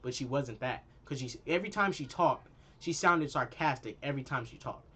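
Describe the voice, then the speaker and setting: A man in his twenties, a YouTuber ranting in an exasperated, animated way with casual slang while reviewing a movie. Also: medium pitch, a little fast, a little hiss or hum.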